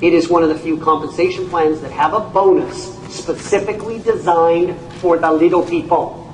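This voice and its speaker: A man, a company CEO, giving an animated training talk to an audience, telling stories and acting out people's reactions with folksy exclamations. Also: fairly high pitch, normal speed, slight background noise. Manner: storytelling, acts out voices, folksy exclamations. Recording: echoey room, speaker far from mic.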